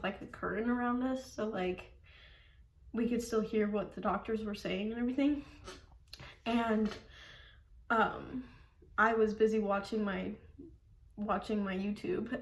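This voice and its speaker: Young woman vlogger, rambling casual storyteller, says "like" a lot, laughs easily, roomy echo. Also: medium pitch. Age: young adult. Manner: rambling, fills with "like", laughs often. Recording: echoey room.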